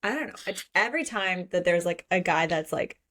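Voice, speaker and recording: Brief: podcast co-host, young adult woman, slightly low voice, chatty and giggly, lots of filler words. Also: expressive, a little fast, fairly bright tone. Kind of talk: casual book chat, reading passages aloud.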